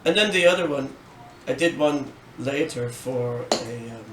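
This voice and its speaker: A man's voice: mid-range voice, measured pace. Podcast guy, lots of uhs and ums, distant mic, noticeable background noise. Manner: hesitant, with frequent fillers. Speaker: podcast co-host. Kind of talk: casual chat. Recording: echoey room, distant mic, clear noise.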